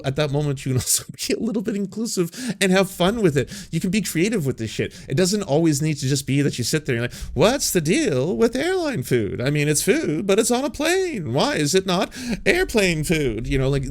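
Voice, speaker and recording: A man in his thirties hosting a political commentary vlog, talking in a rambling, sarcastic way and swearing freely. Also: mid-range voice. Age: 30s. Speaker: commentary host.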